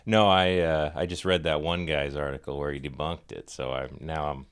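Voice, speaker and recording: Co-host, man, extremely low voice, laid-back, few words. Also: steady tone, moderate pace, a bit bright, clear, resonant tone. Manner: brief, laid-back replies. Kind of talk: casual chat.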